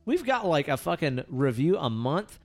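A man's voice: on the high side, sing-song, moderate pace, a little mellow. Joking male podcast co-host. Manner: joking, playful banter. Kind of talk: casual podcast chat.

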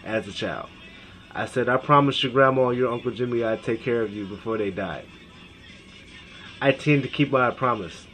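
A man's voice: lowish voice, pushed and bright, a little hiss or hum, rough recording. A man in his thirties from Seattle hosting a podcast, ranting with heavy profanity, rambling and reading his text messages aloud. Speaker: podcast host. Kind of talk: emotional rant.

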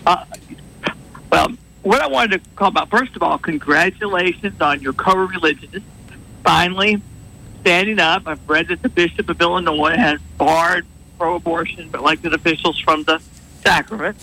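A man's voice: on the high side, moderate pace, creaky, pushed and bright, rough recording. A man calling in to a radio show, talking bluntly and giving his opinions. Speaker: caller. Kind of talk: phone-in call.

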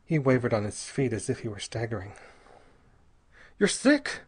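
A man reads a story aloud at an even, measured pace. His mid-pitched voice carries a slight husky grain. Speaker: audiobook narrator. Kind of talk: scripted narration.

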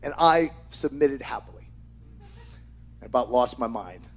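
A middle-aged man preaching a sermon with impassioned exhortations, rising to shouts. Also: mid-range voice, animated, unhurried.

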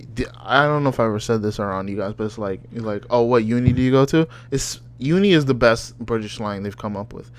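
A man's voice: mid-range voice, smooth. A man co-hosting a casual podcast chat, loose and profane, joking and reacting with disbelief. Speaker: podcast co-host.

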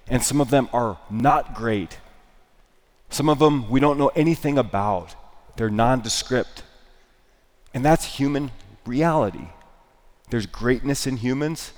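A man with a hoarse, smoker-like rasp preaching a sermon, lively and emphatic, repeating key phrases. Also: medium pitch, in a large hall.

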